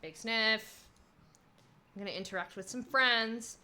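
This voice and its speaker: A woman's voice: on the high side, measured pace, bright, forceful tone. A young adult woman streaming a first playthrough of a video game, reading the game text aloud and joking about it. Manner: playful, reads game text aloud with quips. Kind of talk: casual game playthrough commentary.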